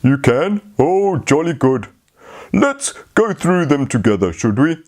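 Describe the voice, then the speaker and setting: A man telling a fairy tale to children, speaking slowly and talking to them directly. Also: on the high side. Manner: slow, lively, talks to the children. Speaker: storyteller. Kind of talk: children's storytelling.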